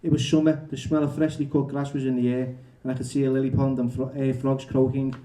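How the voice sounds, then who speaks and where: An English author reads from his book at a bookshop and shares candid, self-deprecating stories in a chatty way full of fillers. His medium-pitched voice is warm in tone, his delivery flat and quick.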